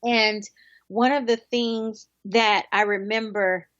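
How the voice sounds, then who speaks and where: A woman's voice: on the high side, fairly even intonation, slow, fairly bright tone, dry recording, muffled recording. Heartfelt woman in her thirties. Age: 30s. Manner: heartfelt, reminiscing. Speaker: guest. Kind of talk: interview conversation.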